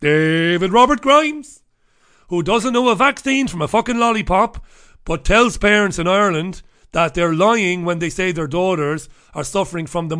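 A man on his own radio show, ranting in a heated, sarcastic monologue. His voice sits a little high for a man, and he swears freely as he builds up steam. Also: a bit bright. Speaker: radio host.

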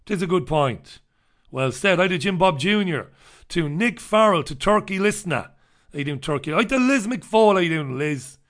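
A man's voice: high-pitched, animated, normal speed, fairly bright tone. A man hosting a live stream, running through newspaper stories and viewer comments with sardonic, rambling asides. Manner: sardonic, wry asides and scoffing; loose, rambling delivery with repetitions. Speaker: livestream host reviewing newspapers and viewer comments.

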